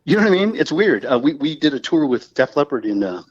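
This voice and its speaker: A man who is a guest musician on a podcast, telling stories in a rambling, animated casual chat full of fillers. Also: on the high side, fast, breathy edge, muffled recording.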